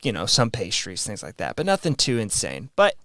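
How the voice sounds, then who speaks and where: A man's voice: on the low side, huge pitch swings, fairly quick, bright, forceful tone, no echo, studio quality. A man co-hosting a podcast in a laid-back, casual chat, swearing now and then and running a trivia quiz. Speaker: podcast co-host.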